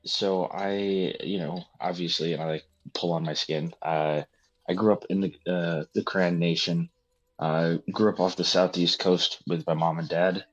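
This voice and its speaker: A man's voice: deep voice, steady tone, moderate pace, highs cut off. A man playing in a tabletop game, talking in a laid-back way with casual slang. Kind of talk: casual in-character play.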